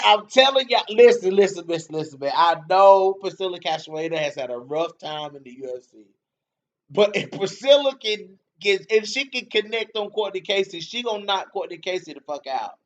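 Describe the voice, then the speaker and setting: A man hosting a casual fight-talk livestream, reading comments, slangy and laughing often, repeating himself. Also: fairly high pitch. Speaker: MMA show host reading live comments. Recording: dull lo-fi stream audio.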